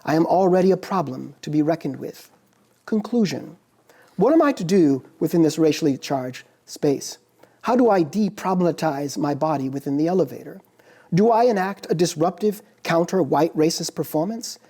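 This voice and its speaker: Dark-toned male professor lecturing deliberately. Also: fairly high pitch, animated, husky. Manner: measured, deliberate, dramatic pauses. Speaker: philosophy professor giving a lecture. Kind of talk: formal lecture reading. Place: lecture hall.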